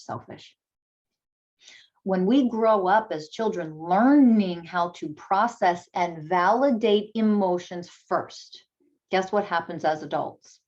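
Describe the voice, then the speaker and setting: Her pitch fairly low and her tone on the dark side, a woman coaching parents delivers instructional material, hammering home key points through repetition. When modeling words for a child she softens into a calming voice; the recording is lo-fi and dull.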